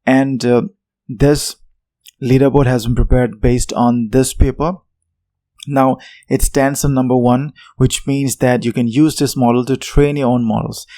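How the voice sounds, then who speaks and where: Male tech tutor, mid-pitched, loose explainer delivery with lots of "uh"s, dry close mic. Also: level tone, a little slow, warm tone, dry recording. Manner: unscripted, many fillers and self-corrections.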